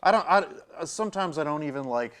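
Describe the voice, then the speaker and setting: A man's voice: fairly high pitch, animated, a little fast, fairly bright tone. A man co-hosting a podcast, chatting casually and joking, rambling with mock quotes. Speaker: podcast co-host. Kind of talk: casual comedic chat.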